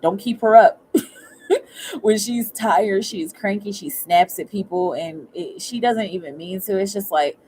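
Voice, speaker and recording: A chatty woman gives a casual livestream tarot reading. She talks at a middling pitch, stumbles and repeats her words, and keeps checking in with her viewers. A faint hiss sits under her voice. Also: dark tone, rough recording. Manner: halting, often repeats and restarts words. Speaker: tarot reader.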